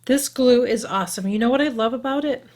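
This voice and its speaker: A woman's voice: on the high side, fast talker, a little mellow. A frank, chatty woman in her fifties walks viewers through a makeup tutorial. She talks while she works at her mirror and keeps asking "okay?" as she goes. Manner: talks while applying makeup, sometimes drops to a whisper. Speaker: beauty vlogger.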